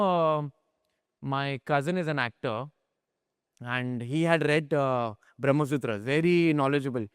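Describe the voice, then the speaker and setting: An animated male teacher tells stories in a class, swinging between hushed asides and excited bursts. His voice is smooth and clear, recorded dry and close with no room sound. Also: fairly high pitch, dry recording. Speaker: spiritual teacher. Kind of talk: informal spiritual class talk.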